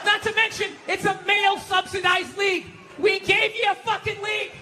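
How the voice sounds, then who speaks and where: A man doing a stand-up comedy set, ranting loudly and profanely, often shouting, on a large outdoor amphitheater stage with a handheld mic. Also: very high-pitched, level tone, normal speed, background noise. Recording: echoey live venue with roaring crowd. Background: audience laughing and cheering.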